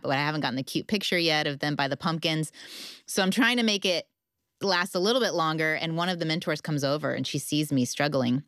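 A woman telling lively stories about motherhood as a guest in casual chat. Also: low-pitched, clean tone, dry recording, clean studio sound. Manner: animated storyteller. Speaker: guest author.

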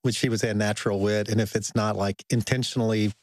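A man in his forties, a guest on a talk show, telling stories with self-deprecating humor and halting restarts. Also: on the low side, fairly even intonation, dry recording. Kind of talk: conversational interview storytelling.

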